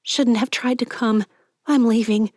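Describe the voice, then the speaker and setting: A woman voicing an anxious young woman in an audiobook, pleading and high-strung as she fakes panic. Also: steady tone, a little slow, darkish tone, no room sound, studio quality. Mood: panicky. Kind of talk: audiobook character reading.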